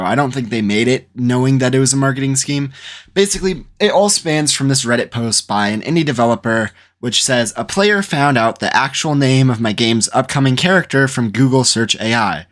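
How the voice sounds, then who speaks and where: A man's voice: mid-range voice, fairly bright tone. A man hosting a commentary channel, talking casually and skeptically, rambling with fillers and restarts.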